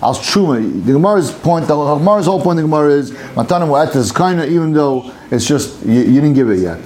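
A man leading a casual Talmud study session. He reads the Aramaic text aloud and explains it in English, acting out the case with lively back-and-forth. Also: on the high side, quick pace.

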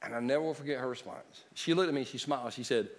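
Preacher in a reverberant hall. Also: male voice, mid-range voice, fast talker. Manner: swings from loud preaching to hushed storytelling. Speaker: pastor. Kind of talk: sermon.

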